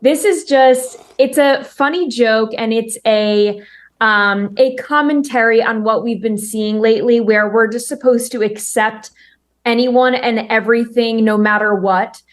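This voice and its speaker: A woman with a slightly high voice co-hosts a sports talk show. She chats in a friendly, upbeat way and sets up the next segment. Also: a little slow. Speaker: show co-host. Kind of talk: casual chat.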